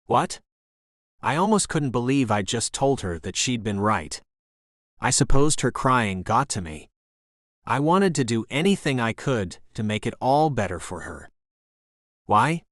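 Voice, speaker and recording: A male narrator reads a romance audiobook in the first person, his pitch moving in lively swings. He keeps a steady storytelling pace. The recording is close and dry. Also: a little slow, no room sound.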